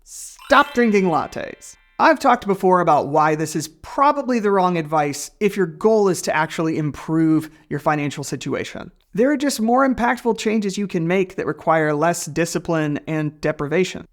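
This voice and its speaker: A man's voice: fairly high pitch, animated, normal speed, hardly any pauses. A man hosting a personal finance video, delivering a scripted comedic explainer in a sarcastic, playful way with jokey asides.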